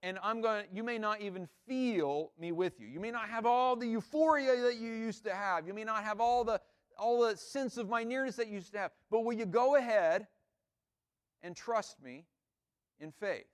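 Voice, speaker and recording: A man voicing Jesus as a gentle, reassuring grown man within a sermon, speaking softly. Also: high voice, normal speed, smooth, natural voice. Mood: pleading. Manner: soft, comforting.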